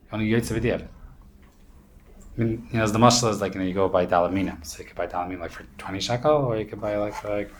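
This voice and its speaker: A man's voice: on the low side, fast, slight background noise. A man teaching an informal Torah class, explaining in a loose, rambling way with many fillers and Hebrew terms.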